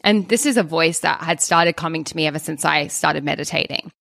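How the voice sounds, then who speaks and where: A woman, a podcast co-host telling her story in an animated, fast way with many restarts. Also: low voice, gravelly, dry recording.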